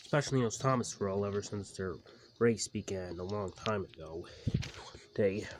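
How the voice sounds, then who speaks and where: A man narrating a homemade fan story in a halting, casual way. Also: fairly low pitch, background noise. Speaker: narrator and voice actor.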